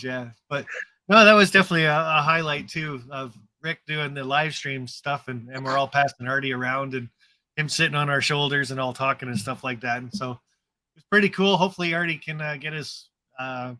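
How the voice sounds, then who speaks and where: A man's voice: mid-range voice, steady tone, brisk, bright, forceful tone. A man hosting a casual live stream, chatting in an upbeat, rambling way.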